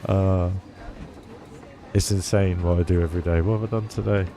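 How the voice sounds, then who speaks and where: Chatty man streaming, low mellow voice. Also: fairly even intonation, moderate pace, a little hiss or hum. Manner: chatty, laughs often, reads chat aloud. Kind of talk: casual live-stream chat. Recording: faint music behind.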